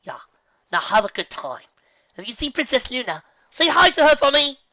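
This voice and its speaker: A man voicing a young colt, loud and eager. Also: high voice, fast talker, dry recording, highs cut off, voice pushed up. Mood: excited. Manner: shouting, eager. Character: loud excited young colt, breathless from running.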